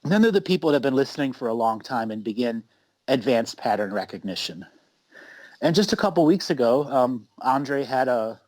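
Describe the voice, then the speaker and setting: A man in a middle register hosts an unhurried conversation, leaning hard on his points and insisting on them. The sound is dry and close, with no room around it. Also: mid-range voice, darkish tone, no room sound, low-quality recording. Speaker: host. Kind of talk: casual conversation.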